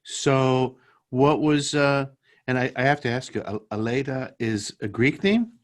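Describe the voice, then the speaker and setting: A man's voice: medium pitch, measured pace. A man interviewing for an oral history project, asking encouraging questions with hesitant restarts.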